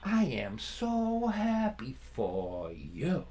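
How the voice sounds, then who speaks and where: A man's voice: sits high, normal speed, fairly bright tone, voice pushed up. A man voicing a stern, weary working-class father who speaks with dry, pointed sarcasm. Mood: sarcastic.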